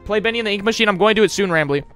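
A young man streaming a horror game live, chatting with his viewers and yelling whenever he gets scared. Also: high-pitched, rapid-fire, faint music behind. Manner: loud, jumpy, yelling at scares, chatting to chat.

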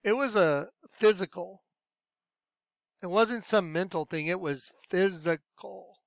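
A man telling his personal religious testimony in a lively storytelling way, acting out what he said back then. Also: high-pitched, slow, gravelly, no echo, clean studio sound. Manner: animated storyteller, acts out his own past voice. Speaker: speaker sharing a religious testimony.

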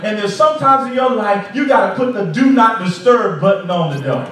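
A man's voice: high-pitched, animated, fairly quick, few pauses, a bit bright. A man preaching a sermon as pastor, pressing his congregation with repeated rhetorical questions. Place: large church sanctuary. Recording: echoey sanctuary from far off.

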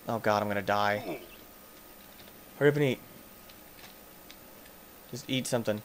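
A man hosting a gaming channel, giving let's play commentary as he plays, excitable and yelping and shouting in panic at the game's monsters. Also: on the low side, a little slow, pauses often, slight background noise.

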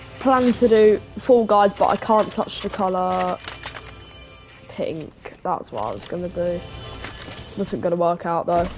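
A woman's voice: on the low side, a little slow. A woman live-streaming a video game, chatting casually and greeting viewers by name. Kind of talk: live gameplay commentary. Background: background music.

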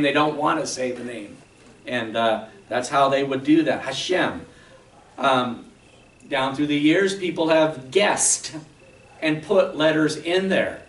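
A pastor whose voice is a little high and fairly bright preaches in a church sanctuary, recorded poorly from far away in an echoey room. He teaches in an explanatory way, patiently, regularly checking in with "okay?".

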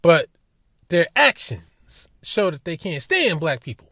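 A man telling a profane story as a YouTube commentator, swinging between low muttering and loud outbursts. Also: big pitch swings, slow, dry recording, clean studio sound.

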